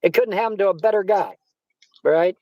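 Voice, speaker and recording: A man's voice: high-pitched, moderate pace, no echo, highs cut off. Rambling, swearing man in a dry room. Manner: rambling, repeats himself, swears. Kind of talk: casual chat.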